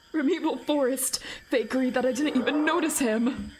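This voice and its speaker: A woman's voice: high-pitched, moderate pace, slight background noise. A woman in her forties streaming a visual novel read-through, playful and chatty with her viewers, often breaking into laughter. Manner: playful, talks directly to viewers. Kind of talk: casual live-stream chat.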